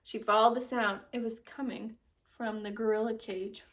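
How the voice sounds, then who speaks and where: Young female teacher, lively read-aloud, lightly distant home recording. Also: a little high, moderate pace. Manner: animated storytelling with expressive character voices. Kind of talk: reading a picture book aloud to children.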